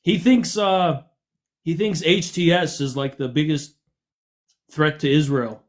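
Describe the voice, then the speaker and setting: A man's voice: fairly high pitch, steady tone, measured pace. A man from the United States hosting a livestream, arguing with callers in a combative, mocking way. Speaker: livestream host. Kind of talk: heated livestream argument.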